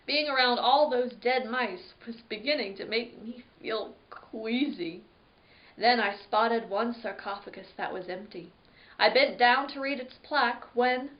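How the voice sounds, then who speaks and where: A woman reads a children's story aloud with dramatic flair, jumping into sudden yelps. Her voice sits a little high, and the recording sounds dull and lo-fi. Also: a little slow. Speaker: library storyteller. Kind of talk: expressive read-aloud story narration.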